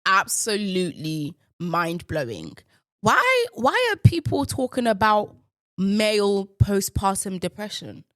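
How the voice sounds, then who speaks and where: A woman hosts her own show, riffing and joking with the odd swear word. She keeps her voice deliberately pitched lower than usual and takes her time, unhurried. The recording is dry and close. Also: wildly swooping pitch, fairly bright tone, no room sound. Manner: playful, riffing, with bursts of profanity; deliberately lowered voice while in a male persona. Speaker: podcast host. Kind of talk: casual solo commentary.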